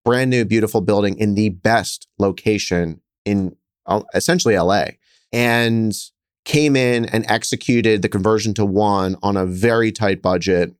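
A man in his thirties, a hotel investor, telling stories in a lively, conversational way, speeding up and getting louder as he acts out scenes. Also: low-pitched, clean tone, dry recording, clean studio sound. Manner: animated, quick storyteller who gets louder acting out scenes. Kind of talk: conversational interview storytelling.

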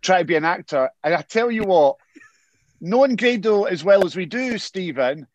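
Scottish male podcast host, fairly high voice, chatty and teasing. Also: expressive, normal speed, no room sound, lo-fi sound. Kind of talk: casual chat.

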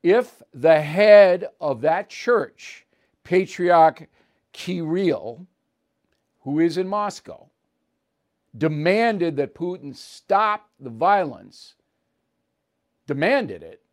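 A man's voice: on the high side, lively intonation, takes it slowly, pauses often, a little mellow. A man hosting his own show, delivering a blunt, emphatic opinion commentary monologue that is punctuated with "okay?" and "all right?".

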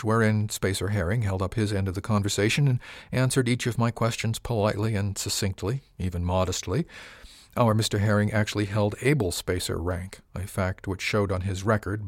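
Wry male narrator, lowish voice, dry close recording, measured storytelling. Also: no echo. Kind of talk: audiobook narration.

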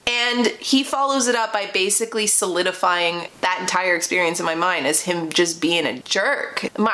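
Young woman podcasting, super chatty and candid, lots of likes and you knows, mid-pitched voice. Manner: chatty, frequent "like" fillers, candid and expressive. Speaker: podcast host. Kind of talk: casual personal storytelling.

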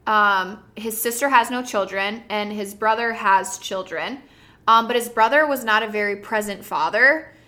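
A young woman hosting a podcast in casual chat, animated, shifting between soft talk and loud bursts, laughing often. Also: mid-range voice, normal speed. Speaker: podcast host.

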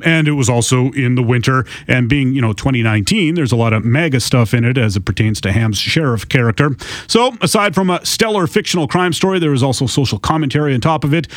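A man's voice: medium pitch, no room sound. A man co-hosting a podcast who reviews a TV season with enthusiasm, in a casual chat. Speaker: podcast co-host.

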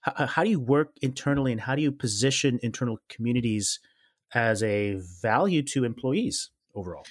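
A man's voice: mid-range voice, brisk, no room sound, clean studio sound. A man hosting a podcast, asking questions in a rambling, friendly way. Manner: rambling, friendly, many fillers and restarts. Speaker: podcast host. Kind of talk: casual interview chat.

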